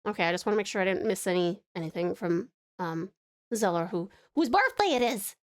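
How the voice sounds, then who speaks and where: With a medium-pitched, animated voice and a brisk pace, an Australian streamer from Tasmania chats casually and affectionately with her viewers. She's bubbly and giggly, often breaking into gasps and laughter.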